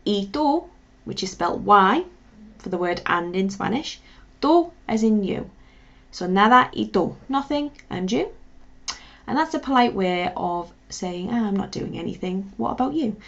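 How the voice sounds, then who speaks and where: A woman's voice: mid-range voice, expressive, a little slow, creaky, fairly bright tone. A woman teaching a beginner language lesson, encouraging, spelling words out and leading repeat-after-me drills. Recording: dull lo-fi sound.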